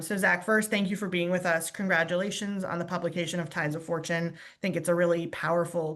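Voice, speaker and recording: A woman's voice: fairly low pitch, a bit bright. A woman hosting an online book talk over a video call, giving a formal introduction and then asking conversational questions. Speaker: host introducing a guest. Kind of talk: moderating a virtual book talk.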